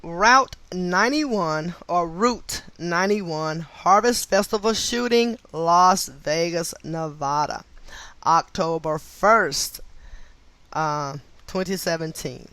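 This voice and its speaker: A woman's voice: on the low side, slow, a bit bright, no room sound. A woman reading a nonfiction book aloud, stopping to spell out names letter by letter and add short asides of her own. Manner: spells out names letter by letter, interjects brief agreement. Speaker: book reader.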